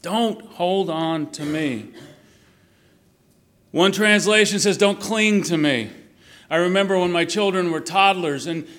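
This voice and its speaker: Higher-voiced male preacher, emphatic cadence. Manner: slow, emphatic repetition with dropping, quiet endings. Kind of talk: Easter sermon.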